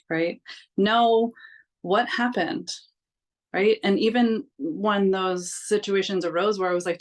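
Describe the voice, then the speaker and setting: A woman's voice: fairly low pitch, fairly even intonation, a little slow. A young adult woman telling her own story in a vlog, candid and casual, with many fillers and frank swearing. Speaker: vlogger.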